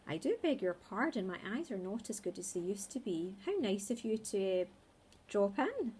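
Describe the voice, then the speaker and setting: A woman's voice: mid-range voice, sing-song, moderate pace, darkish tone, breathy edge. A woman voicing a prim, fussy old lady who speaks in a posh, scolding way.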